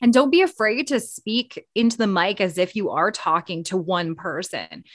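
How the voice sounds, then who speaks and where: A woman's voice: mid-range voice, moderate pace, dry recording, clean studio sound. A Canadian woman co-hosting a podcast, sharing speaking tips in a casual, conversational way with fillers and restarts. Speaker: podcast co-host and radio broadcaster.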